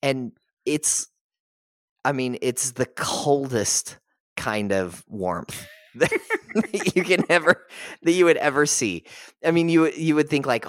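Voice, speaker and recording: A man on a podcast chatting casually, retelling stories with animated asides and quoting characters in a put-on voice. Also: medium pitch, slow, no room sound, clean studio sound. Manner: animated storytelling, acts out characters' lines. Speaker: podcast host. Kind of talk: casual chat.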